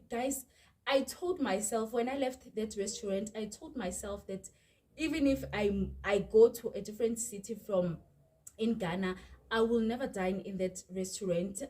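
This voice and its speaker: South African woman vlogger, young, animated and exasperated, chatty storyteller talking straight to viewers. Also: fairly high pitch. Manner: animated, exasperated retelling, addresses viewers as "you guys". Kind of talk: storytime vlog.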